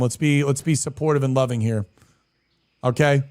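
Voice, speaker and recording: Male streamer, casual slangy chat with viewers, mid-pitched, animated delivery. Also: moderate pace. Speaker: streamer and guild leader.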